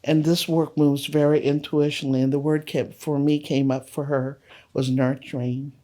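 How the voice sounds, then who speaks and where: An older woman, a holistic health practitioner, telling client stories in an earnest, measured way during a casual interview. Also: sits low, little pitch movement, dark tone.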